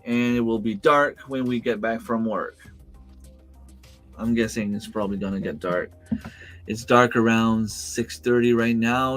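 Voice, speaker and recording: A man hosting a casual livestream from home, chatting with viewers and answering their comments in a rambling way, with lots of fillers and restarts. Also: mid-range voice. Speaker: livestream host. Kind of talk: casual live-chat reading comments. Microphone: desk microphone.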